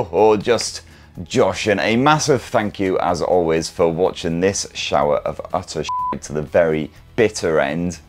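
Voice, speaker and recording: Man, middle-aged, deep, swears a lot, rambles and mocks himself. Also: darkish tone. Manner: sweary, self-deprecating, rambling banter. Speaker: tech podcast host. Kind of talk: casual chat reading viewer comments.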